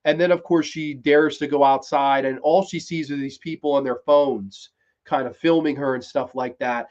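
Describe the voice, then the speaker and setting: A man hosting a live-streamed TV review, talking casually, swearing freely and excitedly retelling scenes. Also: medium pitch, normal speed. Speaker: podcast host reviewing a TV series. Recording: dull lo-fi stream audio.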